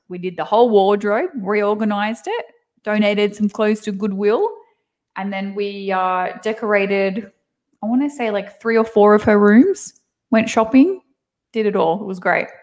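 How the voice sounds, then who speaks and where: A woman's voice: mid-range voice, unhurried. A woman in her thirties with an Australian accent, a guest chatting casually from home over a video call and laughing often. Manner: laughs often, animated storytelling. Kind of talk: casual chat.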